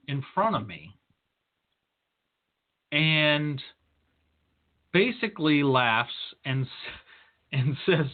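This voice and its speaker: A man hosting a podcast, giving career advice in a deliberate, lecturing storytelling manner. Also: medium pitch. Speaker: podcast host. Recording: tinny phone-line sound.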